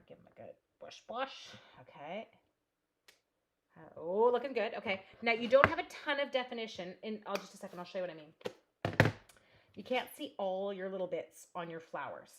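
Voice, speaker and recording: A crafting demonstrator with a mid-range voice runs a live tutorial from her home craft room on a very noisy recording. Chatty as she works, she thinks aloud and calls out viewers by name.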